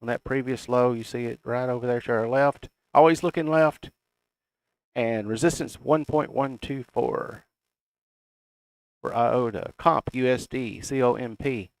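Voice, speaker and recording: Middle-aged Southern man, folksy market commentator, gravelly voice. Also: mid-range voice, normal speed, dry recording. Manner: folksy, reads price levels aloud. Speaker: crypto chart analyst. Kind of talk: casual chart commentary.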